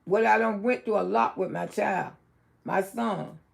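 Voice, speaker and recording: A middle-aged woman with a Southern US accent, hosting a casual livestream and talking bluntly, dropping low and then rising to loud exclaims. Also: measured pace, gravelly. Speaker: livestream host.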